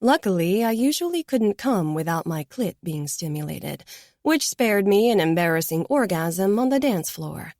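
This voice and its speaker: Soft-voiced woman narrating a romance audiobook. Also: on the low side, very animated, moderate pace, no echo, studio quality. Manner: soft, intimate, hushed at times.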